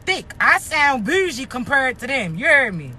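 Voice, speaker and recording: A woman with a raspy voice and a Maryland accent, giving a blunt, profane motivational talk straight to her viewers. She keeps checking in with them. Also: high voice, sing-song, normal speed, bright, forceful tone, a little hiss or hum. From Maryland, United States. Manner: blunt, profane, streetwise, keeps asking "you understand me?". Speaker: motivational social media creator. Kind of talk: casual motivational talk to camera.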